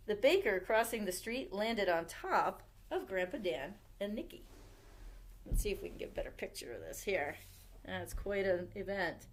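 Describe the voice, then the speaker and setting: Animated librarian, woman, reading picture books to kids with wide pitch swings. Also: moderate pace. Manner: animated, expressive storyteller. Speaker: youth services librarian. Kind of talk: storytime read-aloud.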